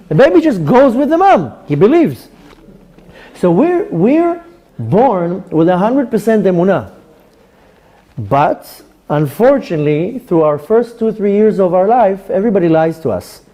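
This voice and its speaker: A man's voice: sits high, moderate pace, muffled recording. A man, a rabbi, teaching a Torah class to a live audience and acting out little dialogues as he goes. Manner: animated, acts out dialogues.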